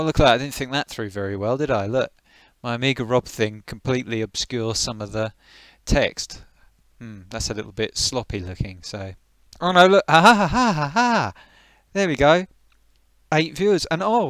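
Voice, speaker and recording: A man's voice: mid-range voice, fairly bright tone, dry recording. A man casually chatting on a live stream, greeting viewers by name and thinking aloud as he tweaks his settings.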